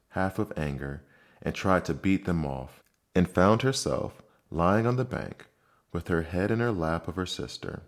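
A man narrating a storybook in a calm, measured way. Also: deep voice. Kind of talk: storybook reading.

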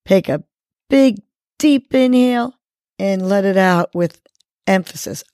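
A woman hosting a morning segment, calmly guiding listeners through breathing and affirmations and repeating each cue gently. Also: medium pitch, takes it slowly, pauses often, no room sound, clean studio sound. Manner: calm, instructive, repeats cues gently. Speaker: host of a morning motivation segment.

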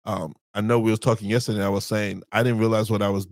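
Gravelly, low-voiced man chatting. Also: quick pace, no echo. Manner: relaxed storyteller acting out past conversations. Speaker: podcast co-host. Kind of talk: casual chat about marriage.

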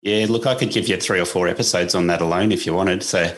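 An Australian man with an Australian accent, a lawn care business owner chatting as a guest from home in a relaxed, easygoing way, with a slight tickle in his throat. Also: sits low, fast. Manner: relaxed, easygoing, laid-back. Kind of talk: casual interview chat.

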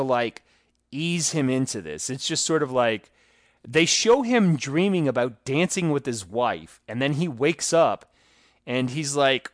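Guy on a podcast trashing a movie, mid pitch, acts out the lines, dry close mic. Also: no echo. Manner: animated, mocking, acts out quotes. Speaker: podcast co-host. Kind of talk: casual movie review chat.

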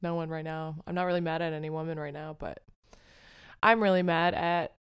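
A woman's voice: low-pitched, steady tone, fairly quick, smooth. A young woman hosting a casual solo podcast, talking candidly and rambling, self-deprecating and often swearing. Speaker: podcast host.

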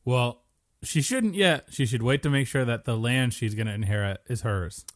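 A man's voice: mid-range voice, normal speed, no room sound. A man co-hosting a podcast, chatting casually with wry, dry jokes. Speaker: podcast co-host. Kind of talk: casual chat recapping a TV show.

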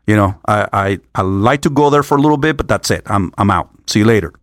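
An older man talks in a loose, rambling way, tripping over false starts and swearing as he goes. His voice sits on the low side and sounds dry and close, with almost no room around it. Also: animated, dry recording. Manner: rambling, halting restarts, frequent swearing. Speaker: vlogger on a work trip. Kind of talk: casual rambling monologue.

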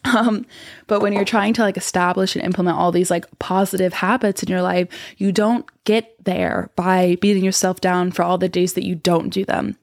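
A woman's voice: fairly low pitch, fairly even intonation, moderate pace, vocal fry, hardly any pauses, a little mellow, dry recording, clean studio sound. A young woman hosting a podcast in casual chat, talking bluntly, with lots of swearing and rambling asides. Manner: blunt, profane, rambling and candid. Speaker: podcast host.

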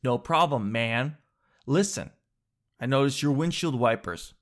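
A man voicing a cheerful, smooth-talking mechanic who upsells, in a lower, hushed, salesy tone. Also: lively intonation, a little slow, close to an everyday voice. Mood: persuasive.

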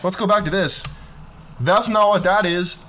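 A man's voice: sits high, normal speed, fairly bright tone. Slangy young man reacting to old films. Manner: laid-back, slangy, joking. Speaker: reaction video host. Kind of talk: casual commentary.

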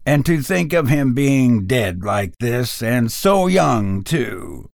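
A grieving old butler, voiced by a man reading a story, speaks softly and sobs between his words. His lines are slow and close, with no room sound. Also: mid-range voice, big pitch swings, creaky, dry recording, exaggerated voice. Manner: soft, sobbing.

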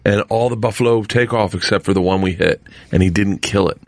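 Animated male storyteller, lowish voice, dry close sound. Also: a little fast, no echo. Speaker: guest. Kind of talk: casual podcast chat.

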